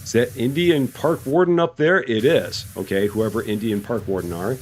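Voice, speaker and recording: A man casually commenting to his chat while playing a video game, musing aloud and rising in pitch when surprised. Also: normal speed, a little hiss or hum. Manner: chatty, talks to himself and chat, animated rises in pitch. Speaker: streamer.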